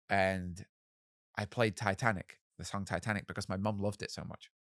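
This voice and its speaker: A man in his thirties, a musician guest telling animated stories in an interview and acting out the voices of people he quotes. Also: low-pitched, moderate pace, creaky, dry recording, studio quality. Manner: animated, acts out quoted voices, swears casually. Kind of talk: storytelling in a podcast interview.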